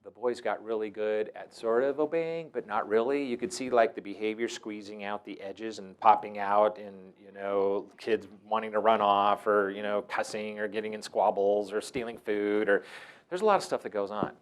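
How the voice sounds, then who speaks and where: A middle-aged man telling stories as a teacher, animated and breaking into loud, shouted impressions. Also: on the low side, moderate pace, clean tone. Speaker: wilderness mentor and teacher. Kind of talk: storytelling talk.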